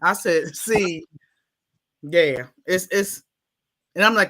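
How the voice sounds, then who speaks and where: A woman's voice: mid-range voice, slow pace, pauses often. A woman with a Baltimore accent telling stories casually in an interview, laughing and acting out what people said. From Baltimore, USA. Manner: animated, laughing, acts out quotes in exaggerated voices. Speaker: guest, school staff.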